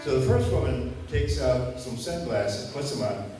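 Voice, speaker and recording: A man emceeing a talent show, telling a joke in a casual, halting way with fillers. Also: medium pitch, animated, over music. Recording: echoey hall from far off, noisy.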